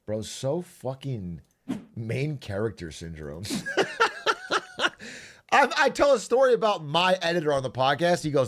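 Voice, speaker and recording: A man's voice: medium pitch, huge pitch swings, unhurried, long pauses, a bit bright. A young man chatting casually on his stream, sarcastic and laughing often.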